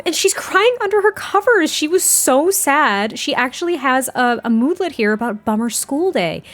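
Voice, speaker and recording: A woman hosting a game let's play, chatting and gushing as she tells the story of her characters. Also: a little high. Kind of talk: casual game commentary.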